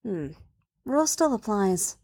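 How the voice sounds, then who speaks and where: A woman's voice: mid-range voice, big pitch swings, a little slow, dark tone. Woman voicing a cool, teasing heroine. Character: cool, commanding young woman, fiery underneath.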